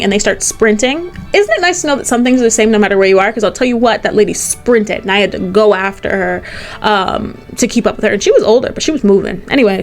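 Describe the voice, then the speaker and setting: Chatty American woman telling a story. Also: medium pitch. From United States. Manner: chatty, animated, frequent "like" fillers. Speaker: vlogger. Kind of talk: casual storytime.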